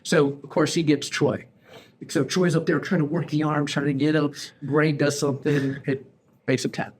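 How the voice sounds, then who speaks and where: A man in his forties hosting a casual podcast chat, telling stories in an animated, slangy way and calling people bro and dude. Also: on the high side, moderate pace, slightly rough. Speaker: podcast host.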